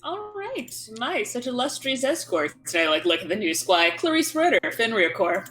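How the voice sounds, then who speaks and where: A woman's voice: fairly high pitch, sing-song, normal speed, a bit bright. A woman playing in a tabletop game, speaking in a playful, theatrical way. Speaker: player. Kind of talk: tabletop role-play.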